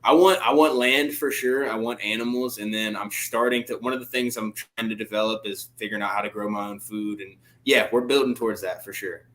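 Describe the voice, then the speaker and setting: A man's voice: lowish voice, steady tone, brisk, hardly any pauses, a bit bright. A young man from Louisiana, a guest on a video call, talking in a laid-back, easygoing way. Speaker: guest fighter. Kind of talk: casual interview chat.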